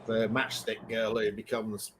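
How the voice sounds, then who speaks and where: A man's voice: lowish voice, little pitch movement, measured pace, noisy background. A man chatting casually on a geek talk stream, telling stories with plenty of fillers like um and you know. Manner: chatty storyteller, lots of fillers. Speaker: panelist on a geeky chat stream. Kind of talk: casual chat.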